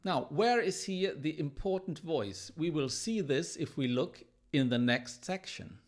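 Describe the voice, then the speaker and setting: A man teaching classical guitar, analysing a piece in a thoughtful, explanatory way and pausing now and then to search for words. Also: on the high side, lively intonation. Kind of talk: music analysis lesson. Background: guitar playing.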